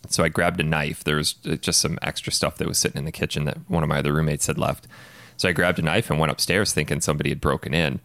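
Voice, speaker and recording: A man co-hosting a casual podcast, telling stories in an animated, jokey way with casual swearing. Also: very deep voice, fast talker, dry recording. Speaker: podcast co-host. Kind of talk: casual chat, storytelling.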